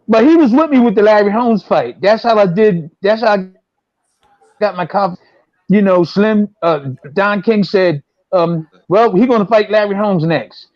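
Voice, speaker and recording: A man's voice: high voice, expressive, measured pace, darkish tone, no room sound. A man in his sixties, a former boxer, telling long rambling stories and repeating himself as he acts out quotes. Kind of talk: casual storytelling. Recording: dull, dry lo-fi sound.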